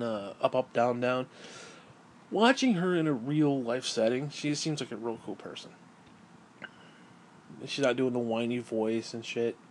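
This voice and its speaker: Frustrated male ranter, mid-pitched, profane, rambling, with a light noise floor. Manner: profane, exasperated, rambling with restarts and sighs. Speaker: gaming and wrestling commentator. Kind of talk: angry rant.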